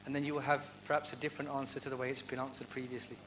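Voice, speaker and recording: A man's voice: medium pitch, level tone, rapid-fire, fairly bright tone, a little hiss or hum, poor audio. A man speaking earnestly at a university event, answering audience questions in a heartfelt devotional talk full of rhetorical questions. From United Kingdom.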